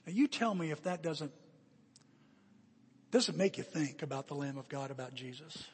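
A man preaching a sermon, telling a story in an animated way and dropping to hushed appeals. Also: a little high, normal speed, long pauses, slightly rough, big-room sound. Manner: animated, repeats himself, drops to hushed appeals. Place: church.

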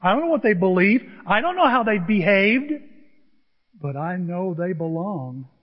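A man in his sixties delivers a sermon as a lively, emotional personal story. His voice sits high for a man. The recording is a little muffled, with a long echo from a large hall. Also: moderate pace. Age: 60s. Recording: echoey hall, dull lo-fi sound.

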